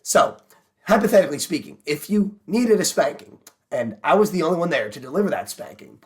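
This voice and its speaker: Guy doing a pedantic male pundit parody, rapid, lecturing, slightly raised pitch. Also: big pitch swings. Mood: smug. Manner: pedantic lecturing, "speaking" qualifiers. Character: smug fast-talking male pundit lecturing.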